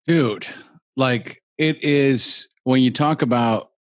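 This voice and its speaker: A man's voice: mid-range voice, slow, no echo. A man hosting a podcast, chatting in a laid-back way and often saying "dude" and "like". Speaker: podcast host. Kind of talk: casual interview chat.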